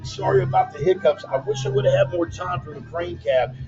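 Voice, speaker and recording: Livestream host, male, slightly high voice, laid-back and joking, dull laptop audio with bumper music under him. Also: fairly quick. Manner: loose, joking, calls listeners "man" and "brother". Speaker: host of a weekly online commentary show. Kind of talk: casual livestream talk reading viewer comments. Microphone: laptop mic.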